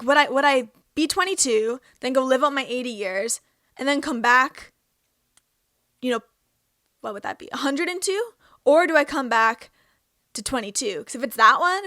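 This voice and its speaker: A woman's voice: high voice, bright, forceful tone, no echo, studio quality. A Canadian woman in her twenties hosting a casual question-and-answer vlog, chatty and self-amused. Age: 20s. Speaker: host.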